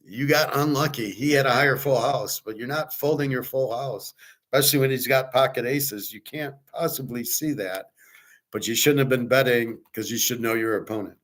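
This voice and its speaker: A man's voice: medium pitch, normal speed, a bit bright. A man hosting a casual market commentary stream, talking bluntly and rambling, with frequent swearing. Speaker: host.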